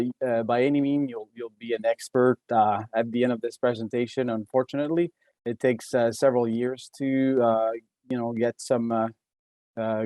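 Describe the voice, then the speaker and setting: A man's voice: medium pitch, mellow, no room sound. A man with a Québécois French accent giving a webinar presentation as an engineer, talking hesitantly with many fillers and restarts. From Quebec.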